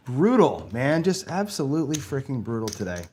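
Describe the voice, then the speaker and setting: With a mid-range, darkish voice that's very animated, a gambling channel host delivers casual play-by-play at normal speed. He rambles, swears, and seems to be talking to himself as he plays, with a little background noise behind him.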